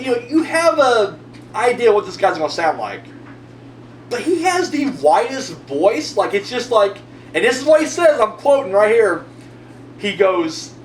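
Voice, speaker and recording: A man with a high voice tells a rambling story full of swearing as he answers his viewers. His pitch jumps all over the place. He sounds set back from the mic in a roomy space, with a faint hum underneath. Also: normal speed, distant mic. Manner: profane, rambling, animated storyteller. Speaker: video host answering viewer comments. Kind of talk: casual storytelling monologue.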